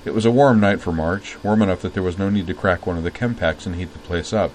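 A man narrating a story aloud at a measured, steady pace. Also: low-pitched, slight background noise, low-quality recording.

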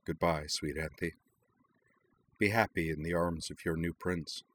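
A man voicing a gentle young male prince who speaks softly and a little wryly. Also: low-pitched, fairly even intonation, measured pace. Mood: tender. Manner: soft and wry.

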